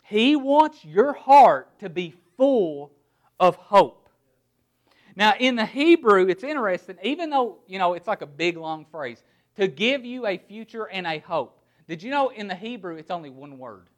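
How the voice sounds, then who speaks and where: A middle-aged man preaching a sermon, with emphatic word-by-word stress and rhetorical questions, often dropping to a quiet, low voice on key words. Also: sing-song, measured pace. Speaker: pastor.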